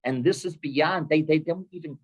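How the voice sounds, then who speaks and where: A man teaching a lively weekly Torah class in a synagogue, animated and full of Hebrew terms. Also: fairly high pitch, slightly rough, rough recording. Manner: animated, with many Hebrew terms and quick laughs.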